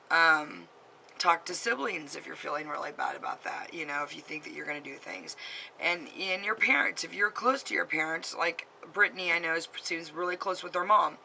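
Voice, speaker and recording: A woman's voice: low voice, creaky, pushed and bright, slight background noise, poor audio. A woman in her late thirties giving heartfelt, rambling advice straight to camera, full of fillers and repeats. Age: 30s. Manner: earnest, rambling, full of "you know" and "um". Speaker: vlogger giving advice to teen girls.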